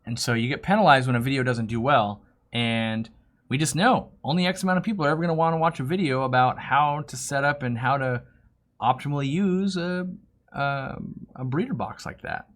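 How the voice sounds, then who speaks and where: A man's voice: medium pitch, fairly quick. A middle-aged man hosting a live question-and-answer stream, talking casually and acting out back-and-forth conversations in quoted voices. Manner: animated, acts out customer dialogues in quoted voices. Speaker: host of a fish-keeping Q&A live stream.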